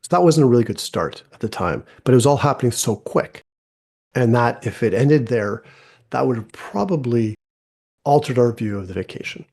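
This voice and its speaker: Middle-aged male podcast host, husky gravelly voice, casual storyteller. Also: mid-range voice, animated, moderate pace, darkish tone. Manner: conversational, retells quoted dialogue with restarts.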